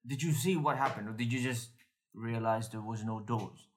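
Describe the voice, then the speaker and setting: A man's voice: mid-range voice, normal speed, slight background noise, natural voice. A man playing an overly polite, formal male adventurer who speaks hesitantly and stumbles over his words. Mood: inquiring.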